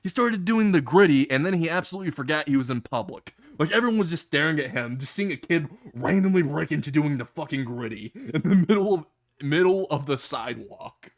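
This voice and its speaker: Laughing, swearing male storyteller, higher voice. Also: expressive, brisk. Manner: laughing often, swearing freely. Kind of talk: casual comedic story narration.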